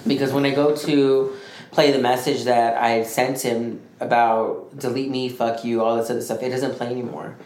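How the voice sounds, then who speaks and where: A man co-hosting a podcast, telling a story in a rambling, animated way and acting out what others said. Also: medium pitch, normal speed. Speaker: podcast co-host. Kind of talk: casual storytelling chat. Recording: echoey room with faint noise.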